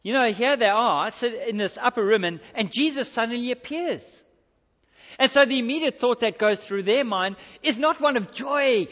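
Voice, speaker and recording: High-voiced man preaching in a reverberant hall. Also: expressive, normal speed, a bit bright. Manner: emphatic, repeats key phrases. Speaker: pastor. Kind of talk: sermon. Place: church. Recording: dull recording with long hall reverb.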